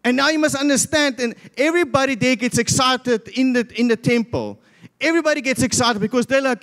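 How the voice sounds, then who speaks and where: A South African pastor with a very high-pitched, fairly bright voice preaches a sermon a little quickly. He tells a Bible story and acts out the voices of the crowd, and the church hall recording carries a long reverb.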